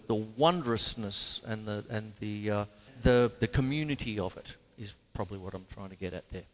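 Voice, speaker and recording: A man with an Australian accent hosting a drum show, rambling and self-mocking, full of fillers and restarts. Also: medium pitch. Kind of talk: casual talk about drumming. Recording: long reverb over drum music.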